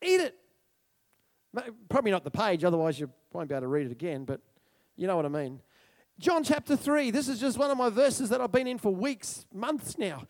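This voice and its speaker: A man preaching with a very high voice for a man, loud and bursting with excitement. He drives his points home with emphatic repetition. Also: fairly quick. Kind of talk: sermon.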